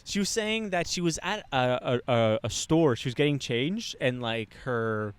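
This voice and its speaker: Smooth and medium-pitched, a young man's voice moves a little slowly with no room sound around it. He's a co-host on a Montreal podcast, wandering through a lengthy anecdote during casual talk, full of swearing and lively impressions of what others said.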